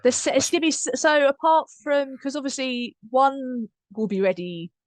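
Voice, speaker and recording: A woman's voice: sits high, lively intonation, normal speed, no echo. Chatty woman hosting. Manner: chatty, laughs often. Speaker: host and producer. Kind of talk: casual chat.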